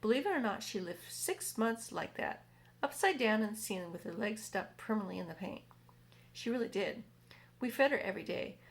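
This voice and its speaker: A woman's voice: medium pitch, lively intonation, brisk, gravelly. A woman voicing a prim, chatty female spider in a storybook reading, with a rambling manner.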